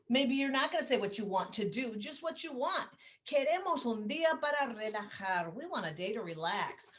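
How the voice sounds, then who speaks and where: A woman teaching a grammar lesson, explaining patiently and saying example phrases slowly for students to repeat. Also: medium pitch, a bit bright. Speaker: Spanish teacher.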